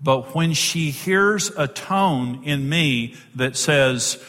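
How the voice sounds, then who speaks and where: A man's voice: a little high, takes it slowly, fairly bright tone. A man giving an emphatic teaching talk on marriage to an audience, repeating key words for stress. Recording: long hall reverb.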